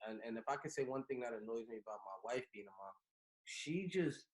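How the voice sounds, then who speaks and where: A man co-hosting a podcast, bantering in animated, slangy casual chat. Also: medium pitch, fairly quick. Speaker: podcast co-host.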